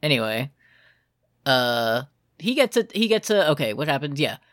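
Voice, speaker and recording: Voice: medium pitch, big pitch swings, normal speed, a bit bright, no echo, clean studio sound. A podcast co-host recapping an anime in a casual, sarcastic and profane way, laughing often.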